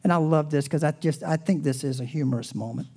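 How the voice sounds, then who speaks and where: Mellow-voiced pastor preaching expressively. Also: male voice, on the high side, fast talker. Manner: expressive, swings between loud emphasis and hushed near-whispers; soft, reverent prayer. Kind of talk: sermon.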